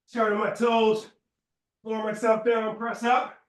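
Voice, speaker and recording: A man with a high voice leads a workout class, calling out short cues and counting reps at an unhurried pace. He is out of breath at times. The room around him rings with echo. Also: monotone, distant mic. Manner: instructive, counts reps aloud, brief cues. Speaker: fitness instructor. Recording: roomy echo.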